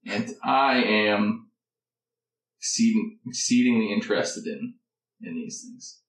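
A man's voice: fairly low pitch, fairly even intonation, takes it slowly. A man playing a tabletop game, drawling and casual, swearing offhandedly. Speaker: player. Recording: echoey room, far from mic.

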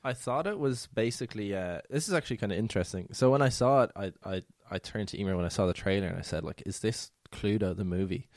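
Fast-talking teasing man. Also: lowish voice, expressive, no room sound, studio quality. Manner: teasing, quick, rambling. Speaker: film podcast co-host. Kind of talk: casual chat.

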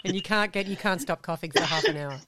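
A woman hosting a podcast, giving warm, brief reactions in a casual interview. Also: lowish voice, fast talker, a little hiss or hum. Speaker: podcast host.

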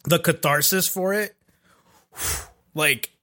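A man co-hosting a casual anime podcast, excited and rambling, swearing freely as he talks. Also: fairly high pitch, slow pace. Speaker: podcast co-host. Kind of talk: casual chat about anime.

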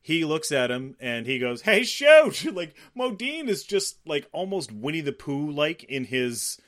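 A man co-hosting a casual film podcast, excitable and profane, often laughing. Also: fairly high pitch, a little slow, no echo. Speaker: podcast co-host.

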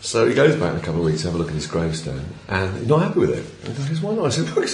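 Podcast host, man; chuckling, rambling storyteller with wildly swinging pitch, in a roomy space. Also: big pitch swings, racing, vocal fry, slight background noise. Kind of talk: casual chat, telling a joke. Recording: roomy room sound.

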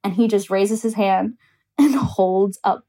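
A woman's voice: medium pitch, measured pace, mellow. A young woman hosting a podcast, telling a personal story in casual chat, candid and profane, laughing often.

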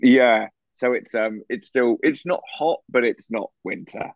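A man's voice: medium pitch, unhurried, creaky, dry recording, dull audio. A man co-hosting a podcast from a hotel room, rambling and laughing often. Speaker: podcast co-host. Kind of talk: casual chat over a video call. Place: echoey hotel room, on a bed.

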